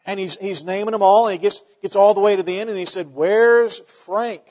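A man preaching a sermon, telling stories and swinging between loud emphatic peaks and quiet asides. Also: sits high, steady tone, fast, big-room sound, highs cut off.

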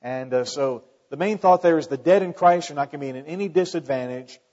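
A man's voice: a little high, fairly quick, warm tone. A man preaching a sermon as a pastor, in a conversational way with wry asides. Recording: long hall reverb, dull lo-fi sound.

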